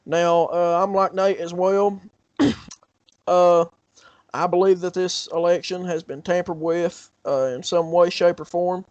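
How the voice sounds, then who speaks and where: A man with a high voice talks casually, rambling and hesitant, often breaking into a laugh. The recording is dry and dull, with a lo-fi sound. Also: flat delivery, measured pace, darkish tone, no room sound. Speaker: podcast co-host. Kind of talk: casual political chat.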